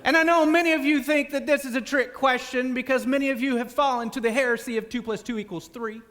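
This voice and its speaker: A man putting on the voice of a theatrical evangelist preacher, with a drawn-out preaching cadence. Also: very high voice, fairly even intonation, a bit bright, big-room sound, voice pushed up. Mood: grandiose. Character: pompous male evangelist preacher, booming and theatrical.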